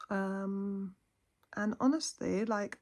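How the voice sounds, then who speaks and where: A woman chatting softly to camera in her lounge at night, heartfelt and rambling. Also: medium pitch, very slow. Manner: soft-spoken, heartfelt, rambling. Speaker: vlogger. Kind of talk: casual chat to camera.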